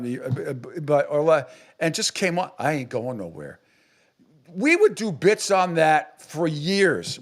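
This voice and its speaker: Blunt, ranting sports radio man. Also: medium pitch. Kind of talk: opinionated sports radio monologue.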